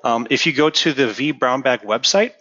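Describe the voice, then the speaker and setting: A man hosting a casual tech webinar, relaxed and chatty with lots of ums. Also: mid-range voice, normal speed, husky, no room sound, lo-fi sound. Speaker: host.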